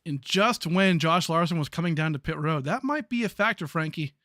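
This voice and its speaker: A man calling a sim truck race live as play-by-play commentator, chatty and excitable with frequent fillers. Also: on the high side, fairly quick, no echo, studio quality.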